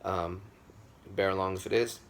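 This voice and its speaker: A man's voice: low voice, fairly even intonation, normal speed. A man giving a classroom lecture, speaking with emphasis, repeating himself and checking that the class agrees.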